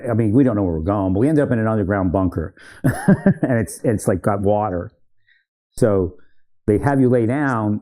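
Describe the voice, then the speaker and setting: Here a veteran's low, dark-toned voice carries casual tales of old army training. He wanders off track, corrects himself, and laughs a lot.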